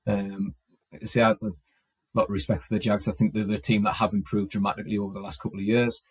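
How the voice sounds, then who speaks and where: A man co-hosting a sports podcast over a video call, talking haltingly with many restarts. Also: fairly low pitch, level tone, breathy edge, no echo. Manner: hesitant, lots of restarts. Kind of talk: casual sports chat.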